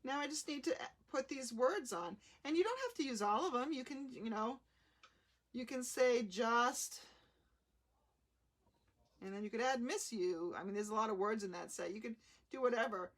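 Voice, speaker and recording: A woman hosting a live card-making demonstration, explaining each step in a chatty, unhurried way. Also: a little high. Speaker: craft demonstrator.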